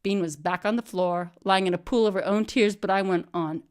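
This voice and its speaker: A woman's voice: mid-range voice, fairly quick, hardly any pauses. A woman telling a comic story in a dry, mock-stern, theatrical manner. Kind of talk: deadpan comedic monologue.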